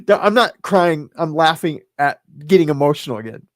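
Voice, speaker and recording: A man in his fifties who hosts a livestream, telling a personal story in a rambling, halting way full of fillers and restarts. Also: a little high, no room sound, studio quality. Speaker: livestream host. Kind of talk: casual storytelling.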